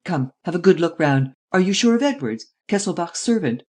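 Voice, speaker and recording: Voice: medium pitch, very animated, darkish tone, pitched above the performer's own voice. Valenglay, an impatient blustering statesman, as a reader puts him on. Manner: brisk, exclamatory, pushes for quick results. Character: impatient male head of government, blustering.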